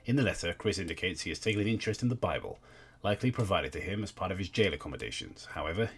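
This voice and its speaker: A young livestream host with a low, husky voice reads aloud and thanks donors in a wry, sweary manner during casual commentary.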